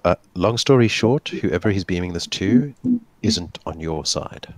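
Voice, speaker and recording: A man's voice: sits low, lively intonation, a little slow, no echo. A man acting as game master of a tabletop role-playing game on a voice call, explaining rules wryly. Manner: explanatory, wry, laughs at his players.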